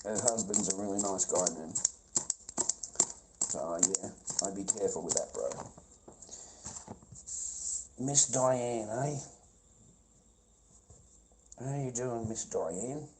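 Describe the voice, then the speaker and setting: A man's voice: slow pace, long pauses, background noise. A man on a live stream, talking to his chat in a profane, confrontational way, calling everyone mate and brother. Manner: trails off into low mumbling. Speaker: livestreamer.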